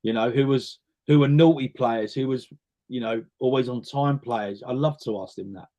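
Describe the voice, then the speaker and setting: A man's voice: mid-range voice, normal speed, mellow. Chatty man telling anecdotes. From North West London. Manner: chatty anecdotal storytelling, repeats words while thinking. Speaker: interview guest, singer and actor. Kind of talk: casual interview chat.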